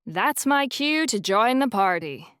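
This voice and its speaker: A swaggering young male vampire with a slight Irish accent, as a woman narrator puts him on. He sounds brash and teasing, pitched a bit high for a man. The storybook reading is dry and close. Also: very animated, a little slow, fairly bright tone, clear, resonant tone, no echo. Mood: showy.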